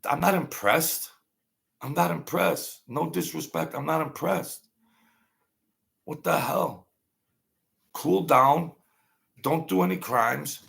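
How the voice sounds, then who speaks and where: Older male host, gravelly and forceful, blunt and wary in a casual monologue. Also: fairly high pitch, takes it slowly, pauses often. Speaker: channel host. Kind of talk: rambling casual storytelling.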